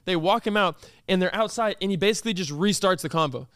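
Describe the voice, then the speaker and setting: High-voiced young man telling a story. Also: quick pace, no echo, studio quality. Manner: animated, with many fillers and reenacted quotes. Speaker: podcast host. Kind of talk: casual storytelling.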